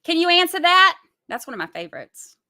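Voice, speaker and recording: A woman's voice: very high voice, very animated, fairly quick, pushed and bright, no room sound, studio quality. A sleep-deprived woman, chatting casually and rambling with giggles as a livestream host. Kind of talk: casual chat.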